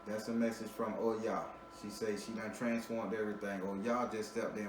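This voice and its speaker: A man's voice: fairly low pitch, level tone, moderate pace, few pauses. Blunt, laughing man in an echoey room. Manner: blunt and profane, laughs often, repeats words as he restarts. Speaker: spiritual reader giving a tarot reading. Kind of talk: casual, joking reading to a client. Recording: roomy, distant mic with ambient noise.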